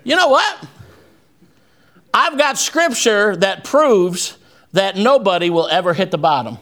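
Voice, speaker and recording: A preacher man with a high, bright, ringing voice delivers an impassioned sermon. He quotes scripture and swings between hushed, low passages and shouted, soaring declarations. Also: expressive, a little slow. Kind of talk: fervent sermon.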